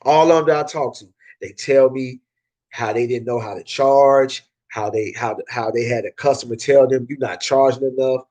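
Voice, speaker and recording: A man's voice: mid-range voice, moderate pace, darkish tone, highs cut off. Emphatic Southern man, repeating himself. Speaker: car detailing business owner. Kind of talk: casual advice talk to camera.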